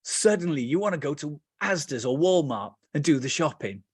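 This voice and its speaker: A man with a British accent teaching meditation, telling lively stories with playful asides, then slowing and softening into calm guidance. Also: on the high side, breathy edge, no echo, studio quality.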